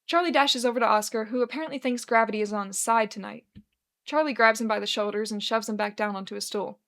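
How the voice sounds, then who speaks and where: A woman narrating a fanfiction aloud, moving through the story with lively storytelling energy. Her voice sits somewhat high for a woman. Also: fast talker. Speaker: fanfiction reader.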